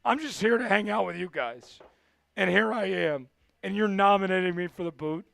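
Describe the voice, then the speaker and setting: A man hosting a live sports stream, calling plays and shouting when his team scores. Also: high voice, moderate pace, creaky, no room sound, clean studio sound. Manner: excitable, shouts big plays. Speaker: livestream sports host. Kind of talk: live play-by-play watch-along.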